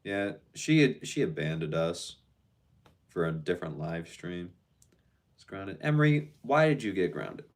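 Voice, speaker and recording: A man's voice: deep voice, very animated, measured pace. A man casually chatting on a live stream, reading out viewer comments and answering them in a laid-back, slangy way.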